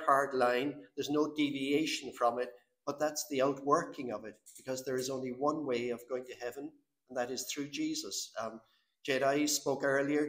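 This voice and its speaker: A man preaching an earnest sermon, pressing his points with emphasis and now and then doubling a word as he goes. His voice sits at a middling pitch and carries into a roomy, echoing space. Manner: earnest, emphatic, repeats words as he builds points. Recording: echoey room.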